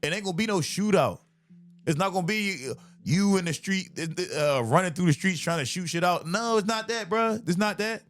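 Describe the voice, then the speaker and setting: A man, a comedian hosting a podcast, in a profane, animated comedic rant, laughing often. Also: high voice, brisk.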